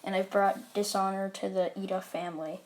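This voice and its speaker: A woman's voice: mid-range voice, little pitch movement, brisk, lightly acted. A woman doing an ashamed, formal schoolboy.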